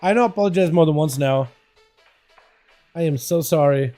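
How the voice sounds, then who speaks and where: A young male streamer casts game duels in a raised, lively register, his voice hoarse and rough tonight. His tone is mellow and dark, and he hypes every play and banters with chat. Faint music plays quietly behind him. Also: fairly high pitch, normal speed. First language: Russian. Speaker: livestream host casting game duels. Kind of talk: casual livestream commentary.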